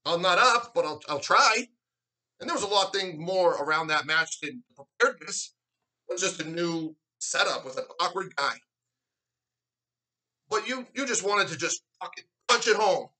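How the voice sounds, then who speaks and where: Man, high-pitched, bright and forceful, confrontational, sarcastic, swearing rant. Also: lively intonation, moderate pace, low-quality recording. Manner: confrontational, sarcastic, mocks others in put-on voices. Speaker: arm wrestler vlogging a response. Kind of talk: heated profane rant to camera.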